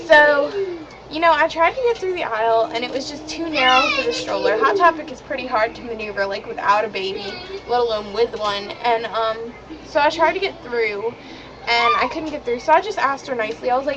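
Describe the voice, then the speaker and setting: A teenage girl talks straight to her webcam, chatty and indignant, her voice sitting a little high. The built-in mic sounds dull and lo-fi, with a clear hiss underneath. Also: animated, a little fast. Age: teens. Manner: chatty, indignant, many "like" fillers. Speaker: vlogger. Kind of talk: casual chat to camera.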